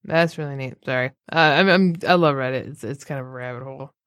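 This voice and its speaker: A woman co-hosting a podcast in casual chat, wry and quick with quips. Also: very deep voice, a bit bright, no echo, studio quality. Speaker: podcast co-host.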